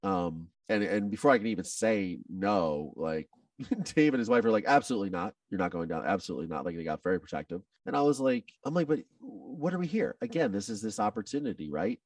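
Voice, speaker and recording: A man speaking as a podcast guest, telling an emotional personal story in an animated way, with many restarts and quoted dialogue. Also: fairly low pitch, a little fast, no room sound, studio quality, far from the mic.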